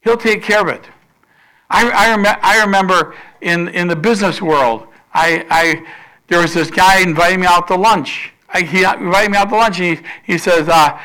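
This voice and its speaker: A man preaching a sermon as pastor, telling a story and acting out the quoted voices, with sudden loud rises and soft drops. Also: high voice, normal speed.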